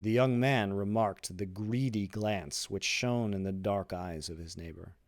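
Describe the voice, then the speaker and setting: A man reading a classic novel aloud in an expressive, animated way. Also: on the low side, unhurried, no room sound, clean studio sound. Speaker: reader, esports personality.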